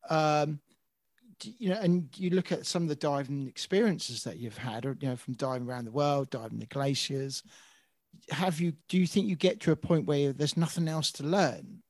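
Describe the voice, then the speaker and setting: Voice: medium pitch, normal speed, a little mellow, no echo. A podcast co-host asking questions in a casual interview, hesitant with restarts.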